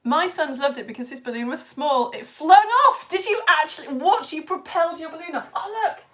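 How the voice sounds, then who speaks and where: A woman's voice: high-pitched, a little fast, fairly bright tone. A young British woman hosting a live children's science lesson, bubbly as she reads out viewers' comments and greets them by name. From United Kingdom. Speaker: science teacher.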